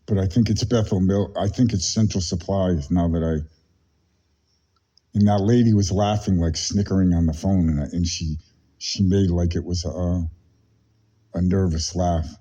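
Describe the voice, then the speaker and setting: Agitated rambling man, low dark voice. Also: fairly even intonation, moderate pace, husky, rough recording. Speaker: customer on a phone call. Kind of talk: confrontational phone call.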